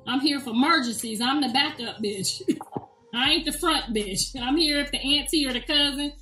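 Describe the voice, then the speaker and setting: A woman's voice: sits high, normal speed, pushed and bright. A middle-aged woman hosting a casual livestream chat, blunt and profane, laughing often. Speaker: show host. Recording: echoey room, distant mic, faint music.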